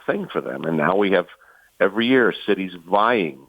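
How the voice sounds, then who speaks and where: A man's voice: sits low, expressive, moderate pace, vocal fry, dry recording. A man chatting as a guest broadcaster, telling stories with many fillers and restarts, heard over a tinny phone line. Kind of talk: casual chat.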